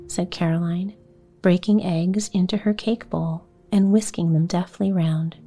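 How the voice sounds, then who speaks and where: Soft-spoken woman reading a bedtime story. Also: fairly low pitch, fairly even intonation, breathy edge, faint music behind. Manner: soft, slow, partly whispered. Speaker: podcast host, bedtime story reader. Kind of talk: soothing bedtime story narration.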